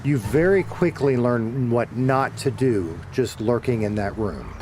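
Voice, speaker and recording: Middle-aged guy streaming from home, rambly, cusses a lot, normal pitch, bit of hiss. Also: animated, measured pace, hardly any pauses. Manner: rambling, self-correcting, swears casually. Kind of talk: casual chat while gaming.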